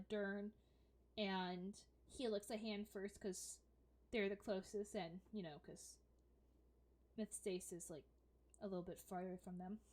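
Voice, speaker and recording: A woman's voice: mid-range voice, a little mellow. A woman narrating a tabletop game as dungeon master, casual and full of fillers.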